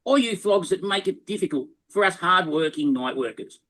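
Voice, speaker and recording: A man's voice: high voice, lively intonation, normal speed, bright, forceful tone. A man voicing an indignant, whiny male night burglar with an Australian accent, ranting and stammering in a comic character bit. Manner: ranting, put-upon, stammering.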